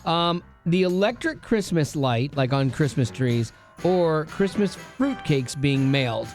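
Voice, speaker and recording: A man's voice: a little high, lively intonation, unhurried, faint music behind. A man hosting a radio show, trading playful, teasing banter with his co-hosts and laughing often.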